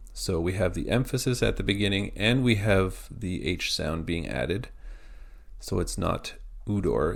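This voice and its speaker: A man teaching a pronunciation lesson, spelling out words letter by letter in a slow, methodical way. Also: low-pitched, vocal fry.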